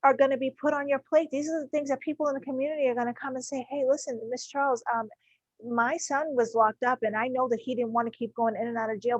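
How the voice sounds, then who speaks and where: A woman's voice: sits high, a little mellow, no echo, poor audio. A woman host, asking a guest pointed, passionate questions. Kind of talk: interview questions.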